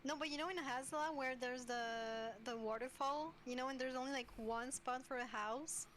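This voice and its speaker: A woman's voice: high-pitched, moderate pace, a crowd in the background. A woman game streamer chatting casually, hesitant and giggly, with many fillers. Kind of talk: casual gaming chat.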